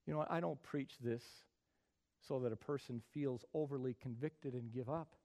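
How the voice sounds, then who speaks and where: A middle-aged man preaching a sermon as pastor, building from quiet talk to loud, emphatic passages. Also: mid-range voice, normal speed.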